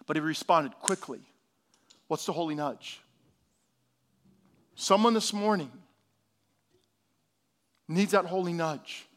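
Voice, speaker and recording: A pastor preaching a sermon, swinging from hushed, low lines to loud, emphatic ones. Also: male voice, slow pace, long pauses. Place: church hall.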